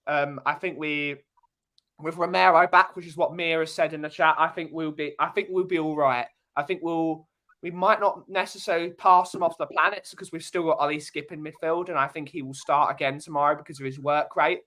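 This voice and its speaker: A man's voice: fairly high pitch, fairly even intonation, brisk, pushed and bright. A man giving his views as a panelist on a fan show, hesitant with many ums and restarts. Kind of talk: casual chat.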